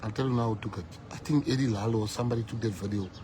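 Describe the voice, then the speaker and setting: A South African man, a political leader, giving a fiery rally speech, breaking into loud shouts at the peaks. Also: lowish voice, fairly even intonation, rapid-fire, a little hiss or hum. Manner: fiery, switching between English and Afrikaans, shouting at peaks.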